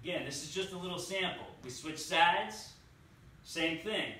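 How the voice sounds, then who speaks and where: Male fitness coach, deliberate exercise cues, recorded far from the mic in a very echoey studio. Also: a little high, bright, forceful tone, slight background noise. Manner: slow, deliberate cueing. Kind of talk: exercise demonstration. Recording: echoey room, distant mic.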